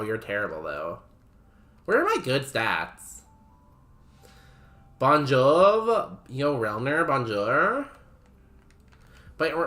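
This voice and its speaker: A young man with a mid-range, sharp-toned voice streams a game. He chats loosely with his viewers while playing, laughs a lot, and says "like" constantly.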